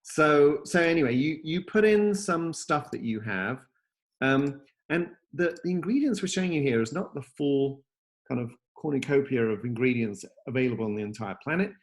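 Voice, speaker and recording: A man talks through his app over a video call from home, upbeat and rambling, full of ums and restarts. His voice sits at an ordinary middle pitch. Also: lively intonation, moderate pace. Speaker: software company host demoing his app. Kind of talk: casual demo chat over video call.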